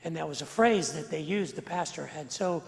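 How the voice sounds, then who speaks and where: Gravelly-voiced pastor preaching in a church hall. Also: male voice, a little high. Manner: earnest, slows and swells for emphasis, repeats phrases. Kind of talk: sermon. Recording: long church reverb.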